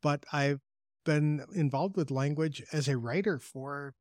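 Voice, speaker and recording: A man's voice: fairly high pitch, unhurried, darkish tone, dry recording, clean studio sound. An older man hosting an interview podcast, reading an earnest scripted introduction before chatting with his guest. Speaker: podcast host.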